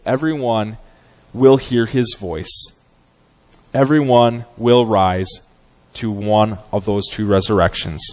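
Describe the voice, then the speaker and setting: A man preaching an earnest, measured sermon as a guest preacher in a church, with frequent "um" fillers. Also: on the low side, darkish tone, low-quality recording. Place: church sanctuary.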